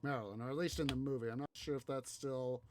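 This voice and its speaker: A man's voice: medium pitch, steady tone, fast. A man hosting a city-building game video, musing aloud in rambling casual commentary full of fillers. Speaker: let's play host.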